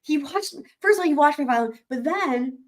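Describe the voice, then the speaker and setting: Excitable woman live-streaming to her viewers. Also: high-pitched, fast. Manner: excited, rambling storytelling with many restarts; addresses viewers directly as y'all. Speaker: YouTube trial-recap host.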